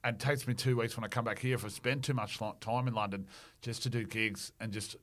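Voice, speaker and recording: A man's voice: fairly low pitch, fairly even intonation, a little fast, a bit bright. A man, a comedian guest on a podcast, talking casually and hedging with lots of fillers. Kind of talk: casual chat.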